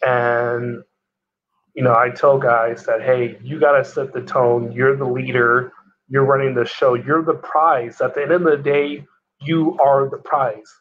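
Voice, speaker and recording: A man's voice: medium pitch, flat delivery, a little slow, crowd noise. Matter-of-fact man on a dull line. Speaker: guest. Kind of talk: casual podcast chat.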